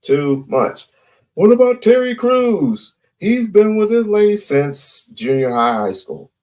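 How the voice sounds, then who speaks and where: A man gives casual commentary in an emphatic way, often repeating himself. He speaks slowly, with a voice that sits on the high side and moves around a lot. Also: very animated, a little mellow.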